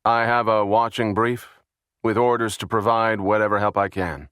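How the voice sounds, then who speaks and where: A calm male scientist with a dry, wry way of speaking, read by a man. He chooses his words carefully and stays mild. The voice sits low and is recorded dry and close. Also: smooth, no room sound, natural voice. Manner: measured, wry. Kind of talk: audiobook character voice.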